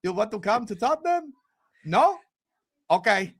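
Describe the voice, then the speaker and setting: A man's voice: high voice, husky, voice pushed down, heavily acted. A man playing a bland, hesitant football director in a put-on Scandinavian accent. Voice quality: halting, flat, hesitant.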